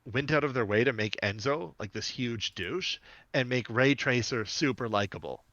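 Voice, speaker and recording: A man's voice: mid-range voice, fairly bright tone, dry recording, dull audio. A man co-hosting a podcast in casual chat, talking loosely with lots of fillers and jokes. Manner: chatty, filler-heavy, quick to joke. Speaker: podcast co-host.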